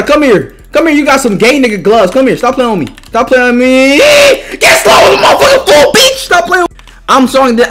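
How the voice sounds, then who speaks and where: A young man giving loud, trash-talking gaming commentary, jumping between high yells and low mutters. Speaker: gaming YouTuber.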